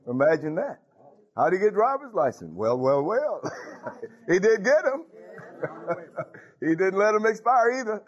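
Male preacher, animated sermon delivery, frequent laughs, dull lo-fi recording. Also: fairly high pitch. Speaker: pastor. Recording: dull lo-fi sound.

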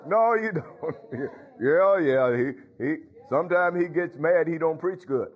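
A pastor preaches a folksy sermon, speaking straight to his congregation and dropping in frequent hallelujahs and laughs. His voice is fairly high-pitched and slow, recorded with lo-fi sound.

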